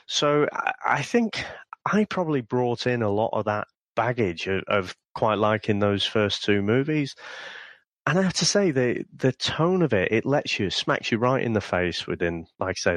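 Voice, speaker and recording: A man co-hosts a film review podcast in easygoing, casual chat, often chuckling as he talks. His voice sits a little low. The recording is dry and close, with no room sound. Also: no room sound. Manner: easygoing, chuckles while talking. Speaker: podcast co-host.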